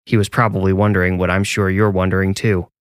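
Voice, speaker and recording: A man's voice: sits low, little pitch movement, quick pace, no room sound. A man reading his own horror story aloud in a dry, wry storytelling manner. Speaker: horror story narrator and author. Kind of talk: scripted horror narration.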